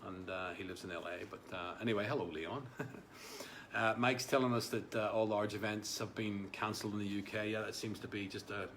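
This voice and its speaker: A livestream host with a lowish voice reads out viewer comments on a casual stream, rambling along with lots of fillers and repeated words. He speaks a little fast, with fairly flat intonation and a fairly bright tone, over a slight hiss or hum.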